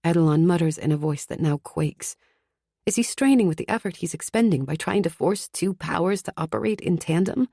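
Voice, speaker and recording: A woman's voice: lowish voice, brisk, dark tone, breathy edge, no echo, clean studio sound. A woman narrating a fantasy audiobook in the first person, tense and urgent. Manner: tense, urgent inner monologue.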